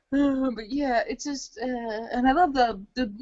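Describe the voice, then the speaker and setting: A woman's voice: high voice, darkish tone, dry recording. A woman co-hosting a casual gaming podcast, giggling often, swearing freely and trailing off into restarts. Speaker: podcast co-host. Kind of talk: casual chat. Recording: dull lo-fi home recording.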